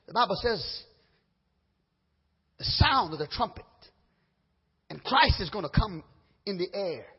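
A man preaching a sermon with fervor, swinging from low murmurs to loud high cries and stumbling over his words as he restarts. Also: breathy edge. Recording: dull sound with long hall reverb.

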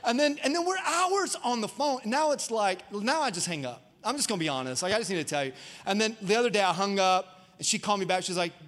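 High-voiced animated man preaching. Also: fast. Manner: animated and conversational, jokes with the congregation. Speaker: pastor. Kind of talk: sermon. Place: church auditorium before a congregation.

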